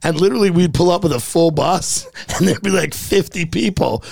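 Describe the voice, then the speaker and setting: A man guesting on a podcast, telling animated stories in casual comedic chat, swearing freely. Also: high voice, normal speed, gravelly, dry recording. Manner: animated storyteller, swears a lot.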